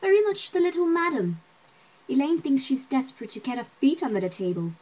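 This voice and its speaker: A woman's voice: sits high, very animated, brisk, a little mellow, pitched above the performer's own voice, low-quality recording. A woman playing a gushing, nosy middle-aged neighbor. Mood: gossipy. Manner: chatty, pushy, laughing at her own jokes.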